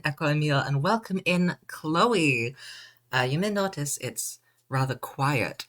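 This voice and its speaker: A game streamer casually chatting with viewers, playful and quick to laugh, reading and answering chat comments. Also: mid-range voice, a bit bright.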